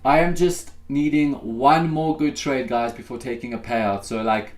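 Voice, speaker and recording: A man's voice: medium pitch, measured pace. A man hosting a live futures day-trading stream, chatting casually to viewers as he talks through his trades. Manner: relaxed, chatty, addresses viewers as guys.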